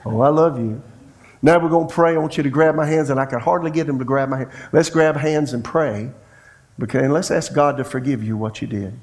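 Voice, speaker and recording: Folksy middle-aged preacher, storytelling. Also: male voice, fairly high pitch, brisk, a little mellow. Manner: folksy storytelling preacher who acts out dialogue. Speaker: pastor. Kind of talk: sermon.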